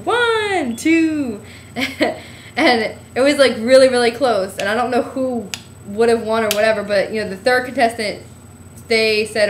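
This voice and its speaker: A woman's voice: fairly high pitch, echoey room, a little hiss or hum. A young woman from New Jersey telling a trip story in a giggly, rambling way, full of "like". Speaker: vlogger. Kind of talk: casual storytelling.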